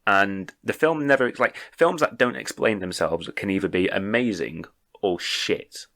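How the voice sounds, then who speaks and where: A man co-hosting a podcast, telling animated stories with stammered restarts and quick acted-out quotes. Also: fairly low pitch. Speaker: podcast co-host. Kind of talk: casual chat.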